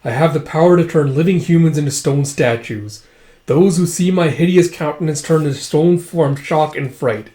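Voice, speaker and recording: A man voicing a scarred, sinister villain who speaks slowly and theatrically in a dramatic comic reading. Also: on the high side, dark tone, close to an everyday voice. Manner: slow, theatrical and self-satisfied. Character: scarred, sinister male villain, calm and mocking.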